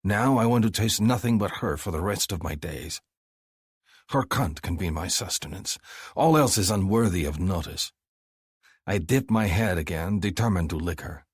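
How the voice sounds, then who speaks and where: Husky low-voiced male narrator. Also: lively intonation, moderate pace, no room sound, clean studio sound. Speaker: audiobook narrator. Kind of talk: scripted first-person narration.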